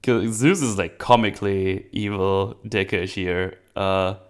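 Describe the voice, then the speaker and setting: Low smooth-voiced young man, animated. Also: unhurried. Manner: animated, mocking character quotes. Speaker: podcast host. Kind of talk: casual movie review chat.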